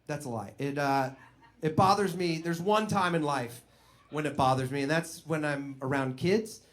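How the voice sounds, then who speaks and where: High-voiced man doing stand-up. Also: moderate pace. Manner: animated storyteller, self-deprecating. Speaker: stand-up comedian. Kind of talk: stand-up comedy.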